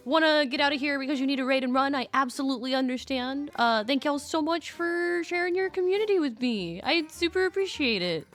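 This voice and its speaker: A woman's voice: sits high, fairly bright tone. A young woman chatting casually on a live stream, gushing and a little scattered as she talks to her viewers. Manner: bubbly, gushing and a bit scattered.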